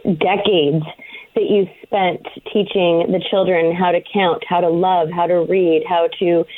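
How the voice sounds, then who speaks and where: A woman's voice: on the low side, fairly even intonation, measured pace. A woman interviewer who is gushing, emotional and effusive as she talks to her guest. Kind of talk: interview conversation. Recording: tinny phone line.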